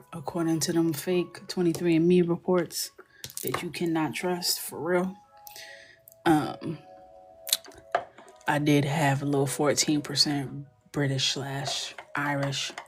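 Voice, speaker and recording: Woman, young adult, livestream coloring host; slow, lowish, chatty and teasing, often murmuring under her breath. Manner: chatty and joking, often drops to a soft murmur. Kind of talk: casual chat while coloring.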